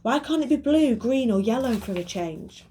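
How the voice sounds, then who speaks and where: A woman's voice: on the high side, lively intonation, normal speed, warm tone, slight background noise, voice pushed up, natural voice. A woman doing a bossy take-charge boy. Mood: firm. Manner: firm and commanding.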